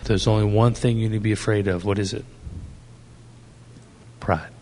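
A man's voice: fairly low pitch, little pitch movement, quick pace, darkish tone, slight background noise. A man preaching a sermon to young people, asking the audience questions and telling stories from his ministry. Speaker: pastor.

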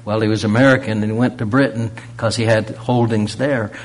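A man preaching a sermon, pressing rhetorical questions and swinging from loud emphasis to a near-whisper. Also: on the low side, steady tone, a little fast.

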